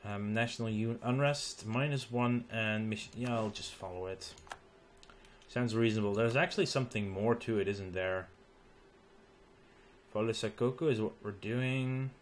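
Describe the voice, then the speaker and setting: A tired man thinking aloud as he plays a strategy game late at night, halting with ums and restarts. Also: on the low side, slight background noise. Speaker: gaming channel host. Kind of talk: let's play commentary.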